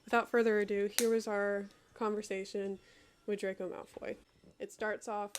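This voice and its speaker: A woman's voice: medium pitch, flat delivery, normal speed, slight background noise. A young woman in easygoing chat with a friend, swearing freely and laughing at herself between sentences. She has a mid-range voice, and her delivery is loose and unpolished. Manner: giggly, swears freely, self-mocking. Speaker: co-host. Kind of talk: casual chat reading out an AI conversation.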